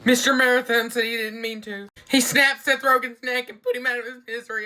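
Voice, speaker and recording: A speaker reacting to a TV episode in a casual running commentary, excitable and anxious, gasping and shouting at the big moments. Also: medium pitch, fairly quick, hardly any pauses. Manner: excitable, gasps and shouts at surprises, keeps saying she's worried. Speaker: TV reaction reviewer.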